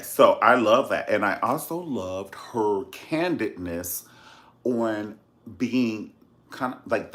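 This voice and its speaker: A man giving a sassy, campy video review in casual commentary, calling the listener honey and swearing freely. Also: on the low side. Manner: animated storyteller, swears casually. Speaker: documentary reviewer, channel host.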